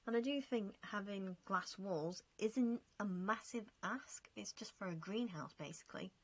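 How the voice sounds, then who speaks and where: A young woman talks casually over her game footage in a mid-pitched voice. She is chatty and self-mocking, laughing at herself as she goes. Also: unhurried, husky, dry recording. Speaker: game vlogger. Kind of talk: casual commentary over gameplay.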